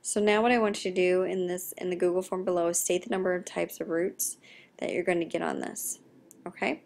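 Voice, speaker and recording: A young woman, a math teacher, explaining a recorded lesson in a quiet, half-whispered voice. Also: on the low side, little pitch movement, a little fast, gravelly.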